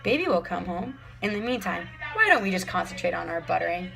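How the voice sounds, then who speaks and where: A woman puts on a sweet, fussing mother figure from a children's story, gentle and reassuring. A slightly gravelly voice over quiet music. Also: fairly low pitch, big pitch swings, a little fast, exaggerated voice. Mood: soothing. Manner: soothing, gentle, doting.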